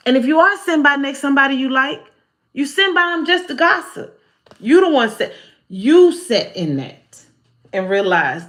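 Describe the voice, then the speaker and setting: A woman giving a live-stream spiritual talk as a card reader, animated, humorous and preachy, with a folksy way of talking. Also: sits high, normal speed.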